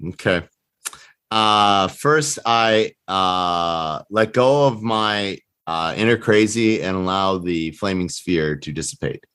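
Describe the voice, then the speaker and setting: A man playing a tabletop game, deliberate and wry. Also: deep voice, fairly bright tone, smooth. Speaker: player.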